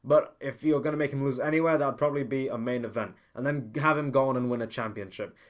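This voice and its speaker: A man's voice: mid-range voice, quick pace. Man ranting blunt on a podcast. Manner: blunt and ranting, with frequent restarts. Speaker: podcast host. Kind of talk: opinionated wrestling podcast commentary.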